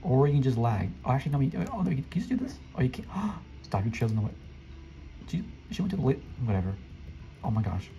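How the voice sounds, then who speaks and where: A man commenting casually on his gameplay, excitable and flustered, often talking to the other players. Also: medium pitch, quick pace, a little hiss or hum, poor audio. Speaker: gameplay streamer. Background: faint game music.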